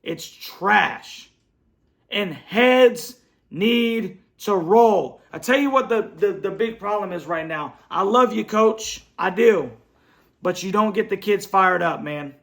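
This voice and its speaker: Speaking slowly through his home computer setup, a fan show host with a high, animated, gravelly voice vents after his team's loss. His post-game rant is angry, blunt and repetitive.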